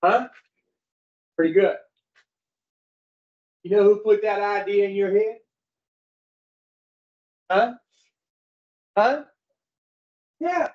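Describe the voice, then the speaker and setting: Man, high for his sex, blunt folksy recovery group speaker; dull lo-fi recording. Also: animated, drawn-out words, long pauses. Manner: folksy, blunt, swears, quizzes the audience. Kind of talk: casual teaching talk to a group.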